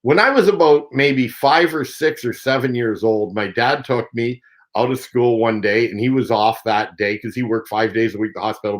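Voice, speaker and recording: A Canadian man who fishes professionally and hosts a show tells a story in a loose, meandering way, packing it with fillers. His voice sits fairly low, and the recording is rough.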